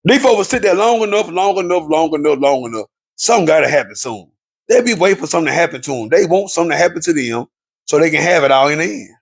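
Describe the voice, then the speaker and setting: Gravelly, husky preachy man. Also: a little high, animated, fast. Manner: preachy, repetitive, emphatic. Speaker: relationship commentator. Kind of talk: impassioned monologue to viewers.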